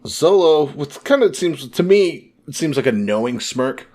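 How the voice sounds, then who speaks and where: A man co-hosting a casual podcast, retelling story scenes and quickly paraphrasing the characters' lines. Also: fairly high pitch, lively intonation, darkish tone. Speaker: podcast co-host.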